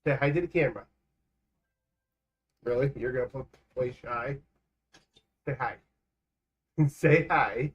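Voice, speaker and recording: Here a man with a mid-range, slightly breathy voice rambles and cracks quick jokes while livestreaming a game from his home. The sound quality is lo-fi, fitting the casual gaming-chat vibe.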